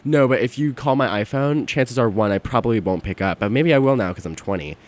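A man's voice: mid-range voice, a little fast. A man in his twenties co-hosting a casual chat, giggling and rambling as he trails off mid-thought. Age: 20s. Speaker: co-host.

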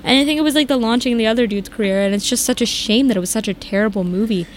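A young woman co-hosting a casual chat, ranting animatedly with lots of "like" and big jumps in pitch. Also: very fast, a little hiss or hum. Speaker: podcast co-host.

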